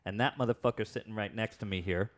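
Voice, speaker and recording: A man's voice: on the low side, quick pace. Crude, teasing male podcast host. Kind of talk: casual chat. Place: a house.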